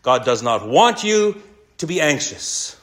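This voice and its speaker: Earnest preaching man, slightly high voice. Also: big pitch swings, fairly bright tone. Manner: earnest preaching, slows and repeats key lines for emphasis. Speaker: pastor. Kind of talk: sermon.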